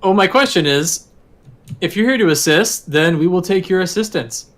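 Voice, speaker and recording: A man playing the captain in a tabletop game, giving calm orders. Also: high-pitched, moderate pace. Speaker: player as captain. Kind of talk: tabletop role-play.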